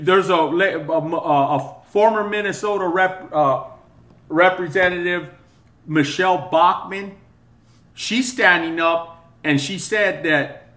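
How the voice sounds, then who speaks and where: Worked-up guy ranting, stumbles and repeats himself, bright voice, roomy echo. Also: fairly high pitch. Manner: agitated, repetitive, stammering restarts. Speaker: video commentator. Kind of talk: angry opinion rant.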